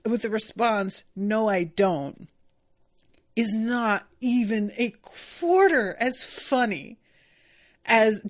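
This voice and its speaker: A young woman hosting a podcast, casually recapping an episode in an animated, giggly way. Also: a little high, slow. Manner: giggly, animated storytelling with frequent laughter. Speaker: podcast host.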